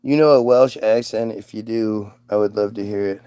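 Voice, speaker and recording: A man's voice: on the low side, moderate pace, mellow, smooth. A man from the United States hosting a casual livestream, reading chat aloud in a rambling, profane, self-mocking way.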